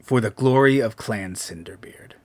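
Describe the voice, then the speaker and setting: A man voicing a haughty male dwarf clan scion who speaks in a slow, clipped, menacing way. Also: fairly low pitch, a little mellow, close to an everyday voice. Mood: cold, haughty.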